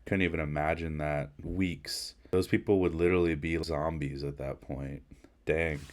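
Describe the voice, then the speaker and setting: Man, very low voice, laid-back slangy podcast host, rambling reaction commentary. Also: steady tone, moderate pace.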